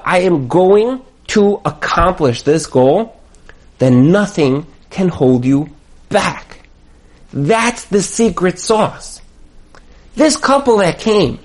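A man giving an emphatic motivational talk as a marriage coach, hammering home his points with repetition. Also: high voice.

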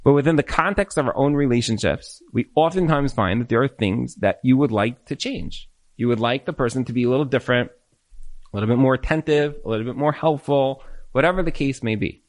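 A man answering marriage questions in a live Q&A, animated, full of restarts, acting out spouses' complaints. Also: medium pitch, brisk. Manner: animated, repetitive restarts, acts out quoted spouses. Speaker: relationship speaker. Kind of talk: Q&A talk to a live group.

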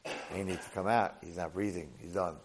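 A man teaching a Torah portion lesson to a live class, an animated storyteller sprinkling in Hebrew and Yiddish words. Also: deep voice, fairly quick, noisy background.

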